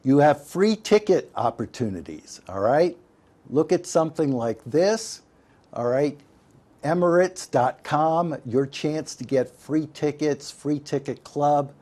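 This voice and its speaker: A man's voice: a little high, expressive, slow, dark tone. Folksy man teaching internet safety. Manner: folksy, emphatic, addresses viewers as folks. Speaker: digital literacy instructor. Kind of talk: instructional talk.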